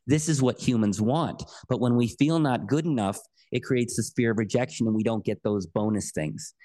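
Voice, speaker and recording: A man who is a podcast guest and coach, telling a personal story in an earnest, emphatic and animated way. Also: on the low side.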